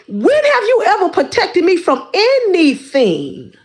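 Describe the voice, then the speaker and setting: A woman's voice: extremely high pitch, huge pitch swings, measured pace, few pauses. A woman hosting a livestream, calling out someone in a heated rant with lots of repeated words and restarts. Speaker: livestream host.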